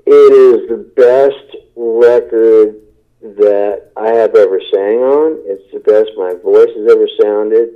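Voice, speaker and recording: Low-voiced man on a tinny phone line. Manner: rambling, enthusiastic, many fillers and restarts. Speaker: rock singer being interviewed. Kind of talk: casual interview talk.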